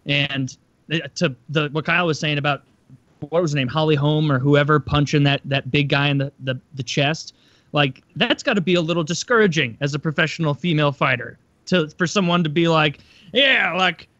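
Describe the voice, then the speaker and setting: Young guy rambling on a podcast, high voice, dry kinda muffled sound. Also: brisk, fairly bright tone, no room sound. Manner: rambling, filler-heavy, mock-voices others. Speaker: podcast co-host. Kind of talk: casual chat.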